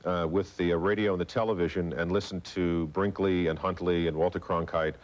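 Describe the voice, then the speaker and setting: A low-voiced man from New Orleans who tells stories fast and chattily, in a trained standard American accent. He's a guest on a late-night talk show, heard through dull, muffled broadcast audio. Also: fairly even intonation. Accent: General American, trained out of a New Orleans accent. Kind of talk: casual chat on late-night TV.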